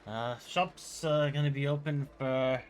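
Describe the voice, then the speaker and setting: A man voicing an elderly woman shopkeeper, worried and weary, talking haltingly with many pauses and fillers. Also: medium pitch, steady tone, natural voice.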